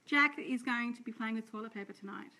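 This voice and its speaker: An Australian woman, a sales director, chatting and rambling warmly to her team on a live stream. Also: fairly high pitch, quick pace. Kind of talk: live-stream talk to viewers.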